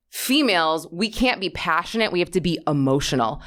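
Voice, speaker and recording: Passionate, blunt woman, lively voice. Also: lowish voice, fairly quick. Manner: passionate, blunt and animated, swears freely. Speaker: podcast co-host, investigative journalist. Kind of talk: casual podcast chat.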